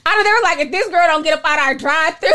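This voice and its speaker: Speaking very fast in a very high-pitched voice, a woman from Minnesota hosts a live stream full of casual storytelling and viewer messages. She exclaims with animation and addresses listeners as "honey."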